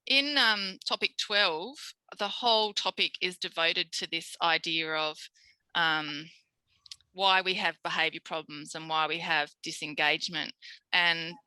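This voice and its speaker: An Australian woman, a speech pathologist, giving a recorded tutorial lecture in a lively way, acting out quoted voices. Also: on the low side, unhurried, clear, resonant tone, no room sound, rough recording. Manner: animated, acts out quoted voices.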